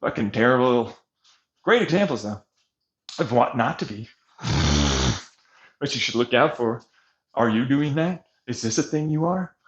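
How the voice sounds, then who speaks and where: A man ranting with profanity over gameplay, swinging between shouted mockery and low mutters. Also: animated, measured pace, pauses often, lo-fi sound.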